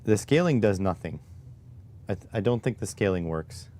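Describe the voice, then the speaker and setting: On a live stream, a man with a lowish, dark-toned voice mutters to himself while fiddling with display settings, growing exasperated and repeatedly sighing "oh my God." His intonation is lively and his speed normal, and the talk is casual stream chatter.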